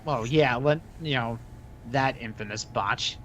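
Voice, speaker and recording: A man co-hosting a casual wrestling podcast, excitable and swearing casually. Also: medium pitch, unhurried, a crowd in the background. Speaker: podcast co-host.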